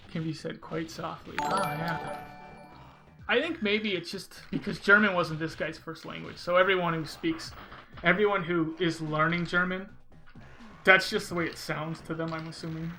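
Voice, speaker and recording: Gravelly, bright-voiced male game streamer. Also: on the high side, low-quality recording. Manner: rambling and chatty, reads chat aloud. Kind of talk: casual gameplay commentary.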